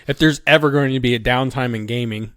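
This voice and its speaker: A man's voice: mid-range voice, fast talker, a bit bright, no room sound, studio quality. Laughing, chatty podcast co-host man. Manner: laughs often, short reactive comments. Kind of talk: casual chat.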